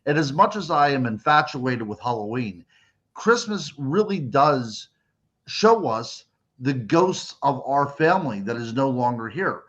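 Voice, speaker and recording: Middle-aged guest from Western Pennsylvania, rambling reflective chat, muffled remote line. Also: male voice, medium pitch, lively intonation, a little slow, fairly bright tone. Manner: reflective, rambling, many fillers. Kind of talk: casual radio chat.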